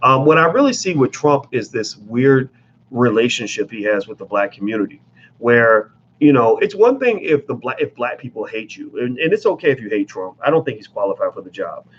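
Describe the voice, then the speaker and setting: Man, blunt emphatic commentary, profane, mid-pitched, slightly muffled lo-fi sound. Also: sing-song, a little fast, slight background noise. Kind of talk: casual commentary vlog.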